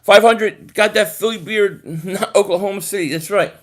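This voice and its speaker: A young man hosting a casual live stream, reading comments and rambling excitably about football with lots of repeated words. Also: high voice, moderate pace.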